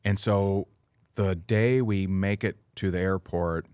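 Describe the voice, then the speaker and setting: A man's voice: sits low, fairly even intonation, takes it slowly, darkish tone, clear, resonant tone, dry recording, studio quality. A middle-aged man talking as a podcast guest, telling an earnest, emotional personal story with many fillers and restarts.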